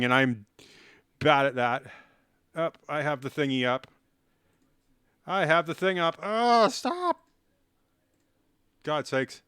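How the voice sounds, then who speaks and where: A man's voice: on the high side, a bit bright, smooth, no room sound, studio quality. A man chatting on a live stream while playing chess, rambling and self-mocking and cracking silly jokes. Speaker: livestreamer.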